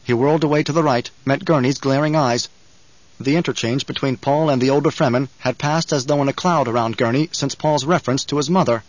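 A man reading an audiobook in measured, even scripted narration, on a dull lo-fi recording. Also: medium pitch, dry recording.

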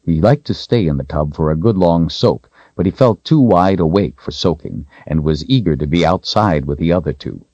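A man reading a story aloud as an audiobook narrator, in expressive storytelling. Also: low-pitched, moderate pace, few pauses, breathy edge, no room sound, muffled recording. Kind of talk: scripted narration.

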